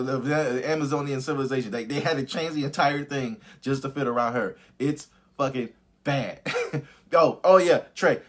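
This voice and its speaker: A young man hosting a live movie review, ranting casually with lots of swearing and laughter. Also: mid-range voice. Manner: profane, animated, laughs often. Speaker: host of a live review stream.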